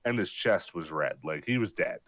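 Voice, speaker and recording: A man's voice: sits low, normal speed, no room sound, dull audio. A man in casual voice chat swearing freely as he tells a mission story, acting out what everyone said. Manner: animated, swearing, acting out his own lines. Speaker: gamer telling a mission story.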